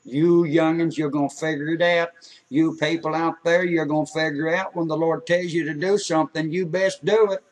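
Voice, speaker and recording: A man's voice: a little high, steady tone, moderate pace, distant mic, close to an everyday voice. A man voicing a lost, devout and stubborn elderly male veteran with a folksy rural drawl. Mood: pleading, insistent.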